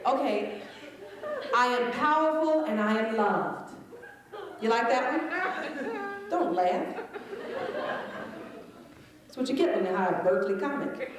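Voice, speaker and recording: A woman doing a stand-up comedy set in a chapel, brash and teasing the crowd, with lots of swearing. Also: fairly high pitch. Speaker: stand-up comic. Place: chapel filled with a live audience. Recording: echoey, distant 1989 live recording. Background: audience laughter.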